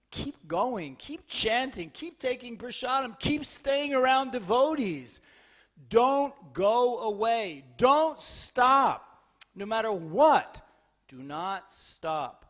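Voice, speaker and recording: Speaking slowly in a very high voice, a man leads a scripture class in a temple hall with a lively sermon. After humorous storytelling with acted-out dialogue, he becomes urgent, spurring his audience to hold onto their enthusiasm.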